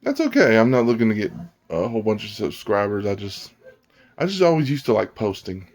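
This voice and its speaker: Low-voiced man ranting casually. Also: very animated, brisk, a little mellow. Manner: rambling, blunt, with frequent restarts and fillers. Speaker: gaming vlogger. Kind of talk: casual rant to camera.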